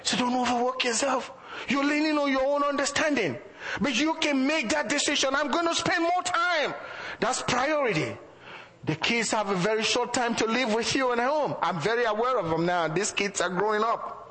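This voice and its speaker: A man's voice: very high voice, lively intonation, moderate pace, pushed and bright, in a large hall, low-quality recording. A man preaching a sermon as pastor, asking the congregation rhetorical questions and chuckling between points.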